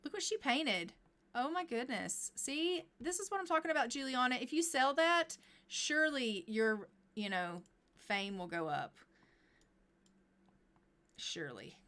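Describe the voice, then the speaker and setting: Brief: chatty woman gameplay streamer, bright voice, a bit high. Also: sing-song, normal speed. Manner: chatty, narrates what her characters say. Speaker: game streamer. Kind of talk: live gameplay commentary.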